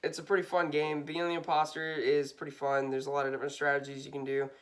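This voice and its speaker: A man's voice: fairly high pitch, monotone, fast. A man co-hosting a casual podcast with his brother, laughing, swearing and rambling with fillers. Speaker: podcast co-host. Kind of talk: casual chat.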